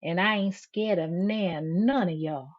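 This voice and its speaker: A woman's voice: lowish voice, a little slow, dull audio. A woman hosting a live stream, reading viewer comments and firing back at critics in a confrontational way, calling her listeners "baby" over and over.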